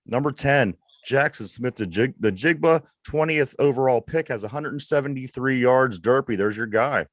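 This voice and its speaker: A man's voice: medium pitch, moderate pace, hardly any pauses, no room sound. A man with a Pittsburgh accent co-hosting a sports podcast, bringing up topics and reading out stats with hesitant restarts. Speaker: podcast co-host. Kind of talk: casual sports banter.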